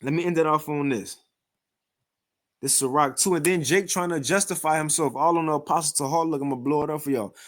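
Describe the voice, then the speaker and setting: A man giving informal scripture commentary with readings, animated and mocking, often repeating and restarting words. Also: fairly high pitch, fast talker. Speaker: scripture teacher reacting to another video.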